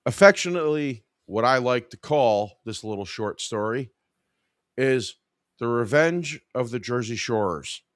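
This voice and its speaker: A man's voice: medium pitch, animated, unhurried, no room sound, clean studio sound. A man in his forties hosting a live podcast, telling a casual work story in an irreverent, wry way. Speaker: podcast host.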